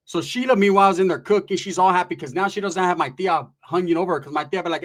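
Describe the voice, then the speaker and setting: A man's voice: sits high, fast, few pauses, fairly bright tone. A man telling a comedic story with profane street slang and loose, chatty asides. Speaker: stand-up storyteller.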